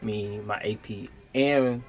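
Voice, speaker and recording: Animated young man telling a story. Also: slow, faint music behind. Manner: animated, slangy, jumps into high-pitched quoted outbursts. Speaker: storytime vlogger. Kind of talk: casual storytelling.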